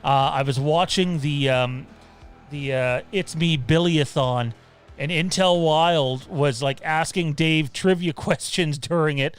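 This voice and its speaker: A man's voice: a little high, measured pace, clear, resonant tone, soft background music. A man hosting a casual livestream from home, talking loosely with frequent fillers and some swearing. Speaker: podcast host. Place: home room.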